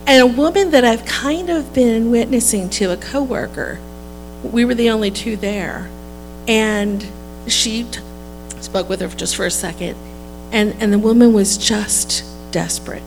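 A woman's voice: on the high side, normal speed, poor audio. Chatty woman telling a story from work at church, laughs here and there, music behind. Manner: chatty, laughs between sentences. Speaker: church member sharing a testimony. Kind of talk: casual testimony storytelling.

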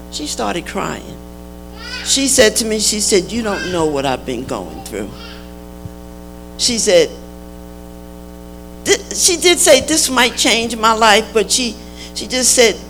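Lively woman telling a testimony. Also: medium pitch, poor audio. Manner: animated, acts out quoted voices. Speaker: church member sharing a testimony. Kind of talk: casual testimony storytelling. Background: music.

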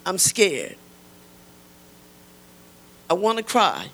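A woman's voice: on the low side, wildly swooping pitch, drawn-out words, fairly bright tone, poor audio. An older woman giving an emotional church testimony, emphatic and repeating key lines to urge her listeners.

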